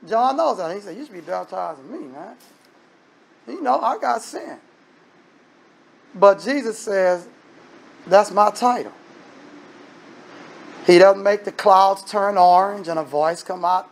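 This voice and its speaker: A man preaching a sermon in a conversational, emphatic way, breaking into sudden loud bursts. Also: high voice, measured pace, gravelly, long pauses.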